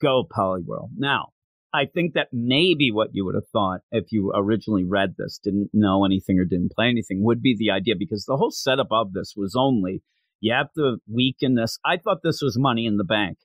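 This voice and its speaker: A man co-hosting a podcast, chatting casually and excitedly as he reviews a manga chapter and acts out lines from it. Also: lowish voice, brisk, no echo. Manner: animated, excitable storyteller acting out quotes. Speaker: podcast co-host.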